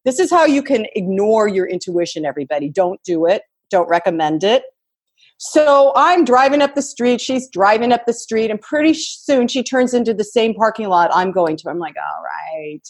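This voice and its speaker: A woman in her fifties, a podcast guest telling stories in an animated, giggly, expressive way. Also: on the high side, moderate pace, breathy edge. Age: 50s. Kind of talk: casual podcast conversation.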